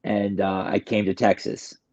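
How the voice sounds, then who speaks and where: A man's voice: fairly low pitch, monotone, unhurried, a little mellow, dull audio. A man from New York telling his recovery story in a candid, emotional, rambling way, often starting his sentences over. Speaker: guest sharing recovery story.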